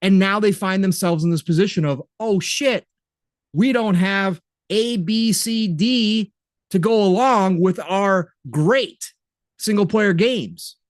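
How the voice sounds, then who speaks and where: A male podcast host in animated, profane casual chat, reading viewer comments. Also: high voice, no room sound, studio quality. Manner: animated, profane, quick to laugh.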